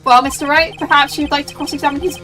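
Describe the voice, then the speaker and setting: Woman playing a haughty pompous old prosecutor, scornful, lowered voice, game music behind. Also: level tone, fast, sharp tone. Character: stern pompous older male prosecutor. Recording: distant mic with game music.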